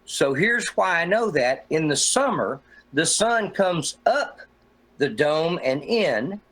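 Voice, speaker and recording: A middle-aged man with a slightly high voice argues his case in a rambling, profane and combative way. He talks in a casual online debate chat, full of swearing and pushback. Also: big pitch swings, slow, a bit bright, poor audio. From Oregon, USA. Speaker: flat-earth guest in a debate hangout.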